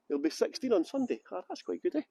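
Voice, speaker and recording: A man's voice: high-pitched, warm tone, husky, no echo. A middle-aged Scottish man giving a live walking tour on city streets, joking cheekily and greeting viewers, speaking into a phone on a gimbal. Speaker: tour guide. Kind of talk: livestreamed walking tour chat.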